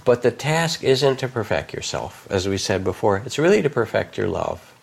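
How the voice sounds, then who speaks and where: An older man, a meditation teacher, speaking softly and unhurriedly in a guided reflection, lifting his voice warmly on key phrases. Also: on the low side, sing-song, normal speed, gravelly, breathy edge. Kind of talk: gentle guided reflection in conversation.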